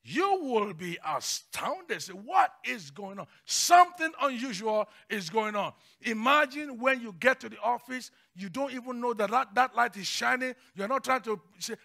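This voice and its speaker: A man preaching a sermon as pastor, passionate, swinging between hushed lines and shouts. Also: extremely high pitch, lively intonation, normal speed, gravelly, few pauses.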